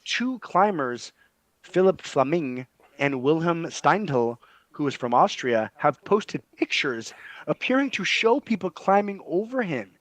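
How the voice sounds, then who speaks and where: A man hosting a casual comedy podcast, excitably chatting and reading a news story aloud. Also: fairly high pitch, unhurried, no echo, low-quality recording. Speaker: podcast host.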